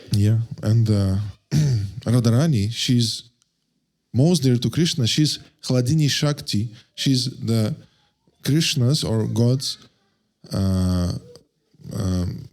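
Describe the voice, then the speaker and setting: Guy giving a devotional talk, mid-pitched voice, stops and restarts a lot looking for words. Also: darkish tone. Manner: halting, searching for words, frequent restarts; chants verses slowly in a raised voice. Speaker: devotional lecturer. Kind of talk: devotional lecture.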